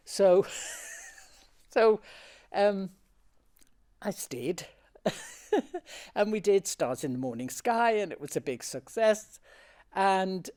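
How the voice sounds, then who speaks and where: A woman's voice: on the low side, mellow. An older woman, a stage actor, recalling her theatre career in a chatty, anecdotal oral history interview, often laughing as she talks.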